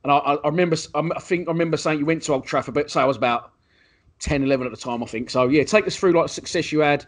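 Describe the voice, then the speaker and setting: A man's voice: fairly high pitch, very fast. A man hosting a casual interview, asking chatty questions and prompting the guest for stories. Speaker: host, interviewer.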